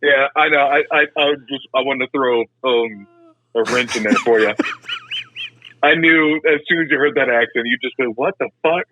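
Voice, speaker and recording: A man's voice: medium pitch, moderate pace, sharp tone. A man co-hosting a casual podcast remotely, laid-back with short replies, over a tinny line. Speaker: podcast co-host, joining remotely.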